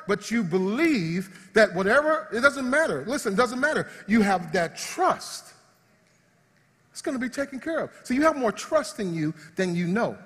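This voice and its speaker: A pastor with a high, slightly husky voice delivers a sermon, shifting between loud shouts of praise and quiet, hushed asides. A large hall carries his words with a long reverb.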